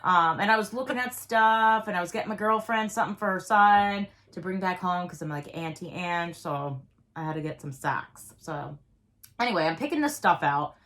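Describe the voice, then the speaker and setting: A woman telling a story in a casual chat, rambling and animated, with lots of filler words. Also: fairly low pitch, normal speed.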